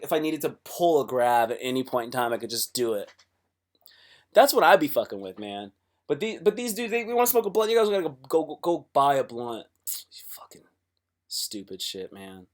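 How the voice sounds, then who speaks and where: Male streamer with a raised pitch and a swearing, restart-heavy delivery. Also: lively intonation, a little fast. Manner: profane, rambling, with many restarts. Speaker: livestreamer. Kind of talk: casual livestream chat.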